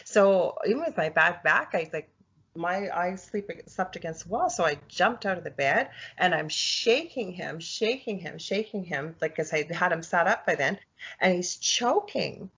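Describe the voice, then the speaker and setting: A woman speaking as a podcast guest, telling her story in casual, halting speech with many fillers and restarts. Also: fairly low pitch, animated, a bit bright, slightly rough. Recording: dull lo-fi audio.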